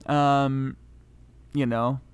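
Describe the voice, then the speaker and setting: A man co-hosting a casual film-recap podcast, telling the story in an animated way and acting out characters' lines. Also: mid-range voice, very slow, clean tone, no echo. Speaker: podcast co-host.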